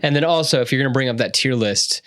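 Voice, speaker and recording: A man co-hosting a podcast in a relaxed casual chat, often chiming in with short agreements. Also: medium pitch, no echo, studio quality. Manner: laid-back, quick short agreements. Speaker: podcast co-host. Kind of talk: casual chat ranking movie scenes.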